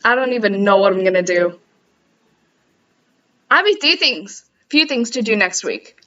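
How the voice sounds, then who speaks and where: A woman's voice: mid-range voice, animated, moderate pace, sharp tone, distant mic, dull audio. A young woman streamer chatting casually, rambling and giggling at herself. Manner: giggly, rambling, self-mocking. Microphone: headset.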